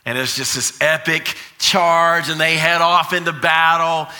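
A man preaching a sermon as pastor. He tells an energetic story with frequent fillers and restarts. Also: on the high side, a little slow.

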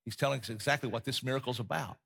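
Bright husky-voiced man preaching. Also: mid-range voice, rapid-fire. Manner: impassioned, repeats phrases for emphasis, drops to a hush. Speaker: pastor. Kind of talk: sermon.

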